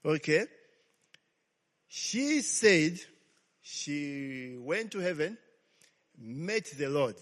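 A man's voice: a little high, very animated, extremely slow, pauses often, a bit bright. A man preaching a sermon as a pastor, telling a story and checking in with "okay?" after nearly every line. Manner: call-and-response, frequent "okay?" checks. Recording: long hall reverb.

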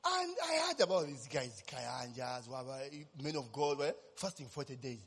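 A man's voice: medium pitch, sing-song, normal speed, gravelly, few pauses, fairly bright tone, breathy edge, long reverb tail. A man, preaching a sermon as personal testimony, telling his story animatedly and constantly tossing in tag questions.

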